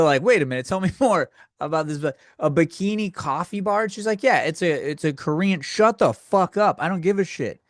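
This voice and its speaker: Crude rambling man, fairly high voice. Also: a bit bright, dry recording, studio quality. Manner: crude, rambling, acts out quoted people. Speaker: podcast host. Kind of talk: comedic solo rant.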